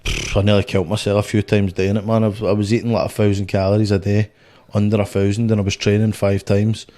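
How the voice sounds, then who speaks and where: A man's voice: on the low side, level tone, quick pace, mellow. A young Scottish man, a boxer, telling stories in a blunt, sweary, rambling way on a casual podcast. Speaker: guest, boxer.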